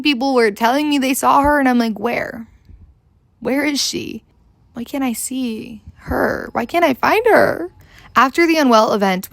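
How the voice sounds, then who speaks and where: Chatty young woman with vocal fry. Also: on the high side, no echo. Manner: chatty, rambling, lots of "like", swears casually. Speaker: vlogger. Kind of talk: casual storytelling to camera.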